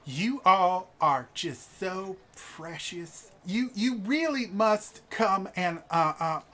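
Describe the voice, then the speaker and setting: Brief: narrator voicing a bubbly society wife, swooping high voice, bright and loud. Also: lively intonation, slow. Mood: insistent. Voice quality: high, sing-song, effusive. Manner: fawning, talks over her husband. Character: gushing, chatty noble wife who mothers strangers.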